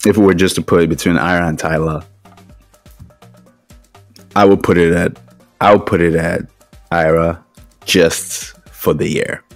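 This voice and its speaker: A man with a very deep, gravelly voice co-hosting a casual podcast. He gives blunt, emphatic opinions, often opening with "yo" or "man", and faint music plays behind him. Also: steady tone, measured pace, long pauses, no room sound. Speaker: podcast co-host.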